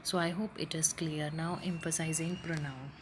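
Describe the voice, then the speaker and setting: A woman teacher walks through a grammar lesson in a somewhat low voice. She explains step by step and checks in often with "right?" and "okay". A faint hiss of noise sits under the recording. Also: fairly even intonation, normal speed.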